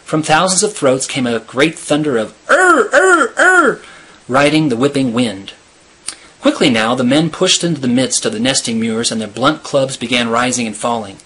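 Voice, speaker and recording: Husky man reading a story aloud. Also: mid-range voice, moderate pace, fairly bright tone. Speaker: reader.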